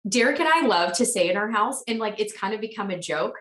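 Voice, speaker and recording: A woman's voice: medium pitch, animated, quick pace, a bit bright. A woman in her thirties, a sales team leader giving a frank, chatty and encouraging motivational talk on a team call. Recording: roomy echo, distant from mic.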